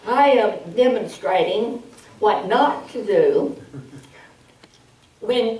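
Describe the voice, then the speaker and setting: A woman presenting a public speaking workshop, slow, humorous and instructive, heard from a distance in an echoey hall. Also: mid-range voice, lively intonation, a little mellow. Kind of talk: public speaking training demo. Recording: distant mic in an echoey hall, faint hiss.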